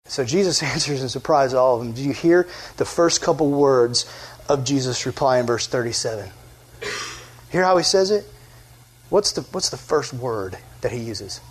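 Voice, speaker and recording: A man preaching a casual sermon in an animated, conversational way, quizzing his listeners as he goes. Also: fairly high pitch.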